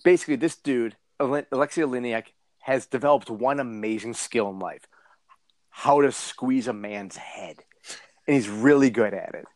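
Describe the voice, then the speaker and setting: Talking fight news on a podcast he co-hosts, a man rambles through profane jokes in casual back-and-forth. His medium-pitched voice has a darkish tone and moderate pace, captured in a dry recording.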